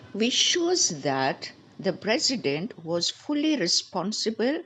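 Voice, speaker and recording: A woman leads a lesson, sounding out words one by one so listeners can repeat them. Her voice sits low, but her pitch rises and falls a lot as she stresses syllables. She speaks at an unhurried pace. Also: fairly bright tone, husky. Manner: drills pronunciation by repeating words slowly. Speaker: English teacher. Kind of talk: spoken English lesson.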